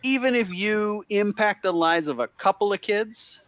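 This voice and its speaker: A man's voice: sits high, moderate pace, a bit bright, no room sound. A man on a live stream video call, chatting casually and encouragingly, often tagging his points with "right?".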